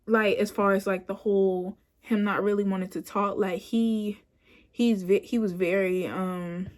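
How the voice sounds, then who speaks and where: A woman's voice: mid-range voice, measured pace. A woman in her twenties telling a personal story in a casual, rambling way, full of "like" and "you know", recorded on a phone camera at home. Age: 20s. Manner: animated when quoting herself. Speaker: vlogger.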